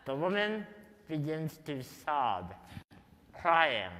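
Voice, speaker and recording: A man giving a talk at a conference, telling stories in a slow, deliberate, wry way. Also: fairly high pitch, sing-song, sharp tone. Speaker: conference speaker. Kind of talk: storytelling talk to a live audience. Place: large conference hall. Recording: reverberant conference hall.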